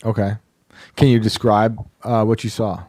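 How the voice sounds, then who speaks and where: A male podcast host with a somewhat low voice, throwing in brief questions and quick acknowledgments to keep his guest talking. His voice sounds close and dry. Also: flat delivery, darkish tone, dry recording. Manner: short prompts and backchannel, laughs along. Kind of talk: casual interview chat.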